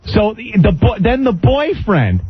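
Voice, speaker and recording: A man hosting a talk radio show, telling a long story in an animated way and acting out its people. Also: high-pitched, measured pace. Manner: animated, breaks into laughter, acts out the people in his story. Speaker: radio host. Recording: lo-fi radio broadcast.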